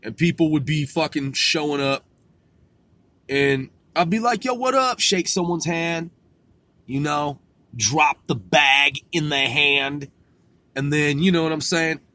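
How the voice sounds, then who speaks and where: A man's voice: fairly high pitch, expressive, unhurried, sharp tone, no echo. A man hosting a podcast in a casual, rambling monologue, laid-back and profane, chuckling often. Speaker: podcast host.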